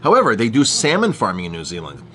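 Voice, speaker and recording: A man's voice: on the low side, huge pitch swings, quick pace, a bit bright, slight background noise. A middle-aged man, a chef, talking straight to the camera with emphatic, repetitive ranting as he warns viewers about food fraud. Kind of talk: direct-to-camera consumer warning.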